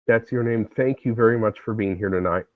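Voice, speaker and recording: A relaxed male streamer chats casually in a lowish voice while playing. His audio is thin and phone-like, dry with no room sound. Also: fairly quick, no room sound. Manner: relaxed, chatty, self-deprecating. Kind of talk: casual livestream chat while gaming.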